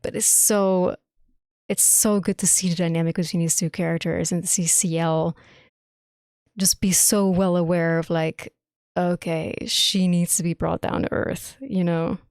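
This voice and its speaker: A woman's voice: lowish voice, fairly even intonation, a little slow, darkish tone, clean tone, no room sound, clean studio sound. A young woman streamer giving live reaction commentary on a game, gushing and emphatic, swearing often.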